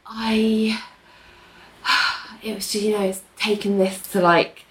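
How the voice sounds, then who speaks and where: A woman's voice: medium pitch, fairly even intonation, takes it slowly, fairly bright tone, slight background noise. A woman in casual chat, recapping a TV episode and animatedly acting out the characters' lines. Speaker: podcast co-host recapping a TV episode.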